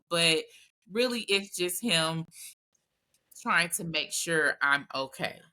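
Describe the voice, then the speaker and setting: A woman's voice: lowish voice, slow, pauses often. A woman hosting a casual group chat, telling stories candidly and voicing her own asides. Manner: candid, animated storytelling with voiced asides.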